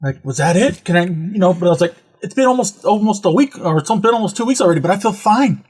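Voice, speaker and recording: A man's voice: sits high, expressive, fast talker, darkish tone, slightly rough. A man hosting a podcast, telling a rambling, profane story in casual chat. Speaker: podcast host.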